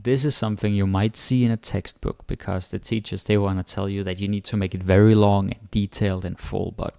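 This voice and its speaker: In a fairly low, gravelly voice that's dark and mellow and barely moves in pitch, a man from Denmark gives a language lesson online with a Danish accent. His pace is slow and relaxed as he repeats brief sample phrases. The audio is close and dry, with no room sound.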